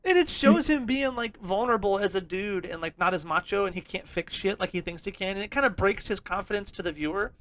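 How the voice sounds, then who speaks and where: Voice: medium pitch, fast talker, hardly any pauses, a bit bright, no room sound. A podcast co-host in loose, casual conversation, rambling and swearing freely and laughing often. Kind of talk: casual chat.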